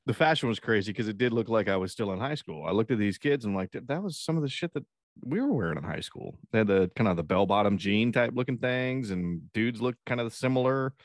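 A man's voice: on the low side, fairly quick, hardly any pauses, no room sound, clean studio sound. A man co-hosting a podcast, telling rambling, profane stories in casual chat and acting out the people in them. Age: adult parent. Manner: rambling, profane storytelling with acted-out quotes. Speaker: podcast co-host.

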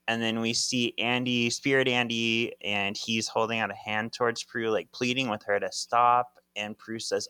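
A young man co-hosting a podcast, retelling a comic in casual chat, animated and laughing often. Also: mid-range voice, normal speed, few pauses, clear, resonant tone, no echo. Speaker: podcast co-host.

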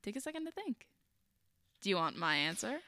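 A young woman co-hosting a podcast, chatty and giggly, talking in quick bursts. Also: medium pitch, sing-song, bright, forceful tone, no echo, studio quality. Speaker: podcast co-host. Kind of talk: casual chat.

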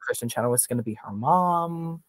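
A man's voice: medium pitch, expressive, quick pace, no echo. A man chatting casually as a podcast guest, enthusiastic and rambling with fillers. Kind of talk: casual chat.

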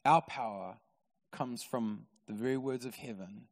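A man preaching a sermon in a church, lively and storytelling with touches of humour. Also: mid-range voice, a little slow, gravelly. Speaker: pastor. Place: church auditorium. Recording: long reverb of a church hall.

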